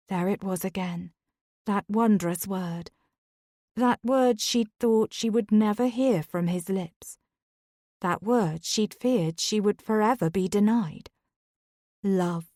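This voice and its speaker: A woman narrating a historical romance in a measured, emotive reading. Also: medium pitch, mellow, dry recording, clean studio sound. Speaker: audiobook narrator.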